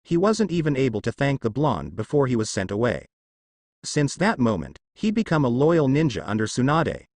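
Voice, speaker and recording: Man reading a fan story, animated pitch. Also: no room sound. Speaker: story reader. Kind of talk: fan fiction narration.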